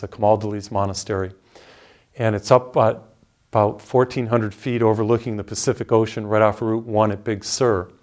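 A middle-aged man delivers a relaxed sermon, telling stories and leading listeners through slow, deep breaths.

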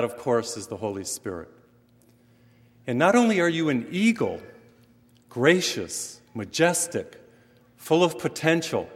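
Middle-aged priest preaching in an echoing hall. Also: male voice, mid-range voice. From western Massachusetts. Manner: animated preaching with rising emphasis and humorous asides. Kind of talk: sermon. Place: church. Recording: long reverb from a large hall.

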